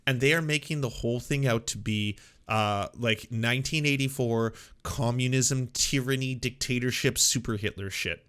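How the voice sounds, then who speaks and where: A young man hosting a political commentary show, animated and sarcastic, slipping into mocking voices of the people he quotes. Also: medium pitch, normal speed, few pauses. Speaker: host.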